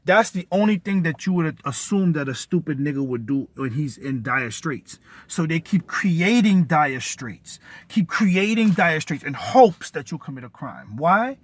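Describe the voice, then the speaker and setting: A man's voice: fairly high pitch, expressive, a little slow, hardly any pauses, dry recording. A man telling a story in an agitated, profane rant, cursing and repeating himself. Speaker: vlogger.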